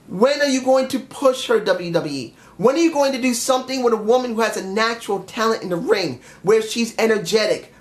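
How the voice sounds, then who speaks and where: Vlogger, male, high voice, frustrated swearing rant. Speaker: wrestling show reviewer. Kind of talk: angry vlog rant.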